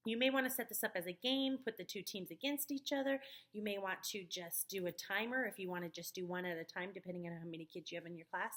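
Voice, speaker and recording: A woman's voice: medium pitch, fast talker, few pauses, fairly bright tone. A woman who leads a children's ministry talks teachers through a lesson plan in a casual briefing video recorded at home. She explains it step by step in a friendly way, with many ums. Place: at home, dog nearby. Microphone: webcam or computer mic.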